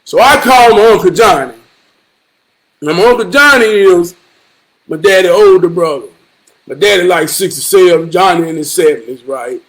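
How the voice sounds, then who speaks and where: High voiced guy telling a family story, cussing a lot, animated. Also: moderate pace, poor audio. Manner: animated, swearing freely, repeating himself for emphasis. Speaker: vlogger. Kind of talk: profane storytelling vlog.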